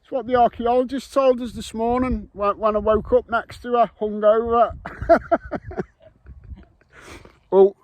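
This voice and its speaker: Joking detectorist outdoors. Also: male voice, very high-pitched, steady tone, a little slow, long pauses, no room sound. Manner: jokey, banters, swears. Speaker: metal detecting vlogger. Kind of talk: casual vlog commentary. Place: outdoors on a windy island. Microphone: camera mic with wind muff.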